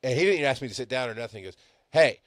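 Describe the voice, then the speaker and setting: A man teaching as a paramedic instructor, telling stories bluntly and swinging between loud emphasis and quiet asides. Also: medium pitch, expressive, very fast, no room sound. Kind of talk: storytelling lecture.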